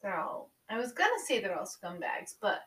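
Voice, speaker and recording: A woman's voice: mid-range voice, very animated, normal speed, fairly bright tone, recorded from a distance. A woman guest co-host in casual podcast chat who talks bluntly and swears freely.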